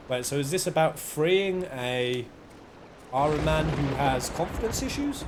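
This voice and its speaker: A man streaming a game and chatting in an animated, self-mocking way. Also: a little high, unhurried, background noise. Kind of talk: casual gameplay commentary. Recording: game music behind the voice.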